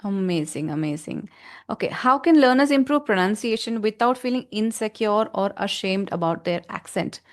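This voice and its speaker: A woman's voice: medium pitch, animated, moderate pace. A woman hosting an interview, listening attentively and affirming her guest often. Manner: attentive, frequent affirming backchannels. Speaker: interview host. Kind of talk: conversational interview.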